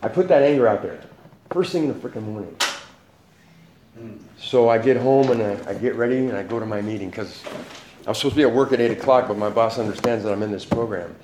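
A man's voice: fairly low pitch, fast, roomy sound, background noise. A man giving a candid, profane personal testimony at a recovery meeting, laughing often.

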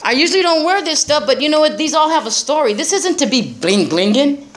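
A woman's voice: high-pitched, lively intonation, brisk, slight background noise. A middle-aged woman speaking bluntly to a group about recovery, swearing freely and laughing often. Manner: profane, laughing, streetwise. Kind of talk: blunt personal talk to a group.

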